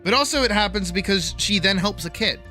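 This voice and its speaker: A woman's voice: mid-range voice, lively intonation, fairly quick, sharp tone, faint music behind. A woman streaming live, chatting animatedly about character writing, swearing freely and checking in with "right?". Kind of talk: casual livestream chat about character writing.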